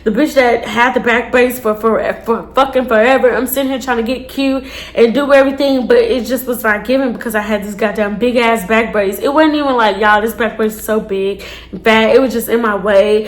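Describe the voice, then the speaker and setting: A woman, telling a storytime to her viewers in a casual, profane, animated way. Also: on the high side, a little fast. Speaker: storytime vlogger.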